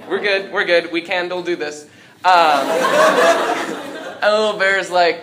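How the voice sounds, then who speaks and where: A man's voice: high-pitched, a little slow, long pauses. A young man doing live stand-up comedy in a small coffeehouse, rambling and self-deprecating with lots of ums. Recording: echoey room, noisy live audience.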